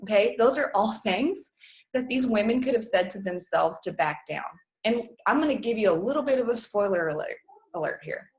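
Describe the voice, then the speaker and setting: A woman in her thirties gives a heartfelt pep talk to her team over a video call from home. Her voice sits at an ordinary middle pitch, and she sounds earnest and close to tears at times, talking casually with fillers. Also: lively intonation, fairly quick. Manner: earnest, emotional, choking up at times. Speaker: team coach.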